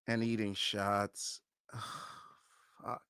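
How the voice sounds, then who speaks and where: A man hosting a live fight watch-along, giving fan commentary, who swears often and pleads and shouts at the fighters on screen. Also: fairly low pitch, little pitch movement, slow pace, clear, resonant tone, no echo, studio quality.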